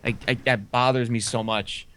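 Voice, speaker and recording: A man from Northern New Jersey, a podcast guest in casual chat, talking in an animated, profane way and quick to protest. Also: medium pitch, smooth.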